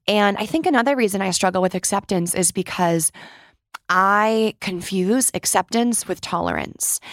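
A woman's voice: fairly low pitch, no echo, studio quality. Earnest woman hosting a reflective podcast. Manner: earnest, heartfelt, speaks to listeners as "you guys". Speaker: podcast host. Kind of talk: reflective solo podcast monologue.

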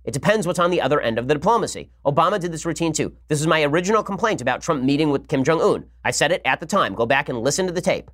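A man hosting a political podcast, giving rapid, argumentative commentary with emphatic points. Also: on the high side, expressive, a bit bright. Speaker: podcast host.

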